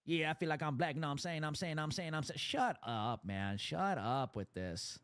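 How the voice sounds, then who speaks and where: A man's voice: a little high, animated, normal speed, fairly bright tone, dry recording, studio quality. A man streaming live, giving mocking, insulting running commentary over clips.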